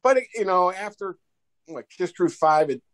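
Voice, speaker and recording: A man's voice: high voice, normal speed. Goofy man telling rambling stories. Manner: rambling, animated anecdote-telling with many restarts. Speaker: podcast guest. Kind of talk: casual storytelling.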